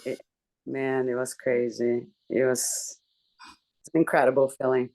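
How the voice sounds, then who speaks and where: A woman in a casual group chat, telling a personal story candidly with swearing and lots of halting restarts. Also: very deep voice, level tone, a little mellow. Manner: talks in halting restarts and fillers. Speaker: book club member.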